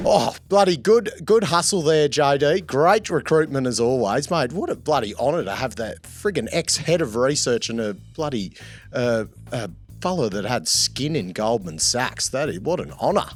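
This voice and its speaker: A man's voice: medium pitch, lively intonation, normal speed, faint music behind. A man with an Australian accent co-hosting a podcast, chatty and blokey, swearing casually and calling everyone mate. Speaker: podcast co-host. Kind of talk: casual chat.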